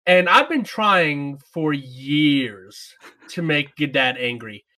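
A man's voice: a little high, expressive, slow pace, bright, forceful tone. A man co-hosting a gaming podcast, playful and teasing. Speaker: podcast co-host. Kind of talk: casual gaming podcast chat.

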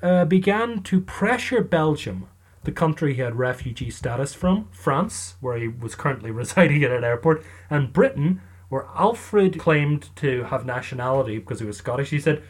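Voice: mid-range voice, expressive, moderate pace, slightly rough. A storyteller casually telling a true story in a chatty, wry way. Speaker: storyteller narrator.

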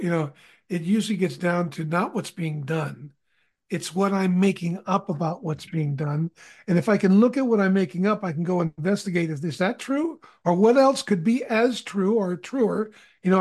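A man with a notably high speaking voice tells a story as a podcast guest. He rambles a little and restarts his phrases, in a relaxed, conversational way. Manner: relaxed, anecdotal, frequent restarts. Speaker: guest, conflict consultant.

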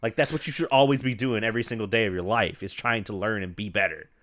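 A man's voice: lowish voice, fast. A man from the American South in casual, profane podcast chat, laughing often and telling stories. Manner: animated, laughs often, swears freely.

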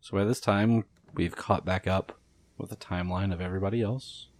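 A man running a tabletop game as game master, narrating scenes calmly. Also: low voice, fairly quick.

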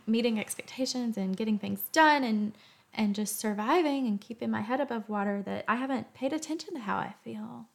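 A woman with a fairly high voice gives a heartfelt faith talk as host. She is earnest and emotional, reflecting aloud in a soft, gentle way, like she's telling a story to kids. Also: gravelly. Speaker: podcast host.

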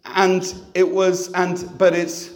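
A man's voice: high-pitched, monotone, takes it slowly. A man preaching a sermon in a church, conversational and self-deprecating, with humor. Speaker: pastor.

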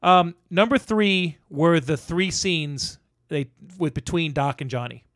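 A man's voice: a little high, measured pace, no room sound, clean studio sound. A man in a casual podcast chat about films, retelling favorite scenes and acting out the lines with energy. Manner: animated storyteller who acts out movie lines. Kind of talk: casual film discussion.

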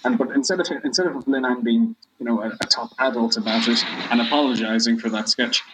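Halting man in casual chat. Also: medium pitch, noisy background. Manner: halting, with many restarts and fillers. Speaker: guest.

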